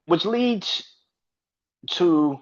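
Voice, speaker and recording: A man's voice: high voice, lively intonation, drawn-out words, highs cut off. A man hosting a sports podcast, ranting in a profane, heated way and repeating himself when worked up. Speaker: podcast host. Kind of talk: casual sports rant.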